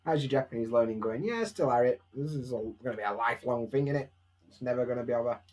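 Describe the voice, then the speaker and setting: A man's voice: medium pitch, fast talker, darkish tone. A young man with a Barnsley Yorkshire accent, chatting casually and self-mockingly at home on a live stream, answering viewers' questions.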